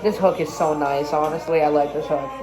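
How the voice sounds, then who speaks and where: Speaking fairly quickly in a low, steady voice, this musician reacts to songs from her own album in a casual way. She's self-critical and blunt, with plenty of swearing, while her tracks play clearly behind her.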